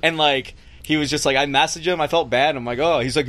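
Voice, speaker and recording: A man's voice: a little high, steady tone, quick pace, fairly bright tone. A man telling long rambling stories in casual chat on a podcast. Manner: rambling storyteller, laughs at own stories.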